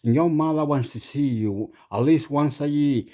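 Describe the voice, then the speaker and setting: A man's voice: a little high, normal speed, mellow, close to an everyday voice. A man voicing his older, pushy, hot-tempered uncle who speaks repetitive broken English. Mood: scolding.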